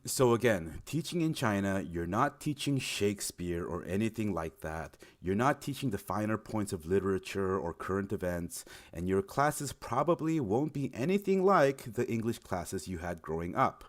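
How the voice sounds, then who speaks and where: Young man, lowish voice, upbeat encouraging explainer delivery. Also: big pitch swings, moderate pace, few pauses. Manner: friendly, encouraging, stresses key words with lifts in pitch. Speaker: recruiter explaining teaching in China. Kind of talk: informal explainer video.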